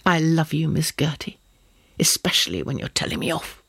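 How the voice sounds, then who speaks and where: A man's voice: on the high side, very animated, moderate pace, creaky, slightly rough, dry recording, heavily acted. A man doing a teasing young suitor, whispering. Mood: tender. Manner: urgent whispers, then gentle teasing.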